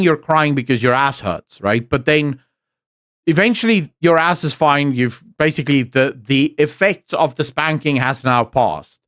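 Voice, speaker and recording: A man's voice: mid-range voice, a bit bright, no room sound. South african guy streaming, swears a lot, blunt storyteller, dry close sound. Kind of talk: casual chat.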